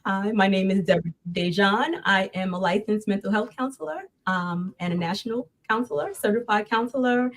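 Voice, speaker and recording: A middle-aged woman, a counselor chatting and laughing as a radio guest. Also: medium pitch. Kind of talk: casual radio chat.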